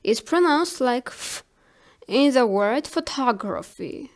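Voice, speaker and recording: Woman language teacher, high voice, slow and deliberate, repeats each example word. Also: animated. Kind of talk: slow spelled-out pronunciation lesson.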